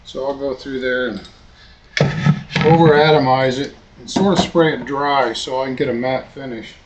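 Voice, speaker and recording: A man talks through a hands-on demonstration on a live stream, at ease and thinking aloud as he works. His voice sits at a middling pitch. A steady hum of workshop noise runs clearly under his speech. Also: normal speed. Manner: relaxed, thinking aloud while working. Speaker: model-making instructor. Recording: noisy workshop recording.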